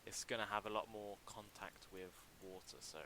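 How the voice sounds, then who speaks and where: Working on a game level for his mod, a young man livestreams casual commentary in a fairly low voice with a bright, forceful edge but a flat delivery. His talk is halting, full of ums and restarts, close to a desk mic, with a faint hiss on the low-quality recording.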